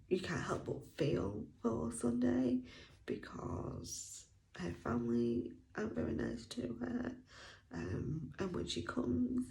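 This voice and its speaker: A woman's voice: mid-range voice, gravelly, warm tone. A woman giving a casual audiobook review vlog, chatty and enthusiastic, laughing often and sometimes dropping to a near whisper. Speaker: book reviewer.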